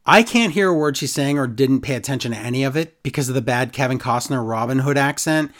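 A man's voice: mid-range voice, quick pace, a bit bright. A man co-hosting a casual wrestling recap chat, sarcastic and exasperated. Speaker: podcast co-host.

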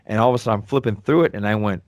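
Low-pitched man telling stories casually. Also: very fast, no echo, clean studio sound. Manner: relaxed storyteller, swears casually. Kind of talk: casual chat.

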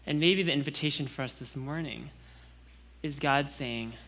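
Bright-voiced young man preaching a sermon. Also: mid-range voice, normal speed. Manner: conversational, with frequent "like" and restarts.

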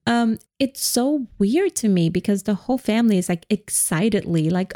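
A woman's voice: mid-range voice, normal speed, hardly any pauses. A woman co-hosting a podcast, chatting casually and laughing often as she retells a movie. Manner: giggly, animated retelling. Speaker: podcast co-host. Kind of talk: casual chat recapping a movie.

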